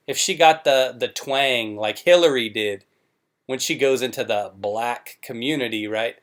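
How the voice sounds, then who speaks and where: A man's voice: mid-range voice, measured pace. A man hosting a commentary show, talking in a sarcastic, mocking way.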